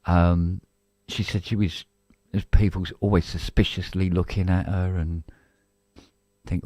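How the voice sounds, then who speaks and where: A middle-aged man with a very low, deep voice talks loosely on a live stream, circling back on himself with false starts and coughs. The sound is dry and close, with no room around it. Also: level tone, measured pace, dark tone, no room sound. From England. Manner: rambling, full of restarts and coughs. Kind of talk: casual chat.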